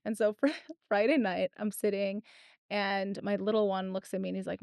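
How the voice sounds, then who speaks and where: A woman's voice: mid-range voice, normal speed, gravelly, clean tone, no room sound. A woman in her thirties, a podcast host telling a story in casual chat and acting out the people in it. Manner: animated storyteller, acts out quotes.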